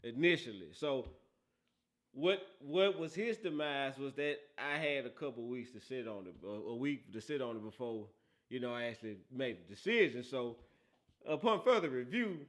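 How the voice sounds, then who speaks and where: A man's voice: medium pitch, animated, moderate pace. A man hosting a casual football talk show, teasing and laughing often, with a habit of asking "right?". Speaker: host.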